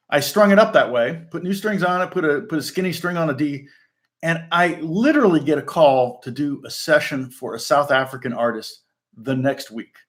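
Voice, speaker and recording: A man chatting loosely as a session guitarist answering viewer questions, telling stories with lots of fillers and restarts. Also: medium pitch. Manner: loose and anecdotal, many fillers and restarts, demonstrates on guitar between phrases. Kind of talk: casual rambling chat. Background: guitar playing.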